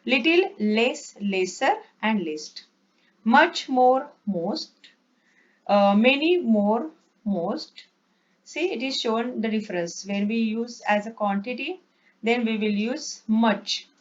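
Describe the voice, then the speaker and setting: A woman gives a slow, careful grammar lesson and reads word lists one by one. Her voice sits a little high. She repeats herself and corrects small slips with a quick "sorry". The recording sounds dull and lo-fi. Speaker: English teacher.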